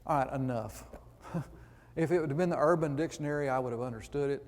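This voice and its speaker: A man preaches in a church auditorium, reading scripture aloud and drifting into chatty, conversational asides. His voice sits at an ordinary pitch, and a long reverb from the hall trails behind every phrase. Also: fast, a little mellow.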